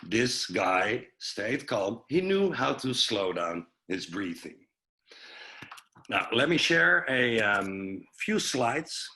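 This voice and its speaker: A man's voice: medium pitch, big pitch swings, slow pace, pushed and bright, low-quality recording. A man giving an informal health presentation on a video call, loose and chatty with lots of fillers and restarts. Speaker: webinar presenter.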